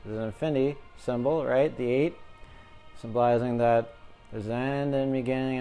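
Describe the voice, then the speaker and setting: A man doing a relaxed tarot card reading for his viewers. He jokes and rambles as he talks, in a voice of ordinary pitch. Faint music plays in the background. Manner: jokey, chatty, talks to viewers as collective. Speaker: tarot reader.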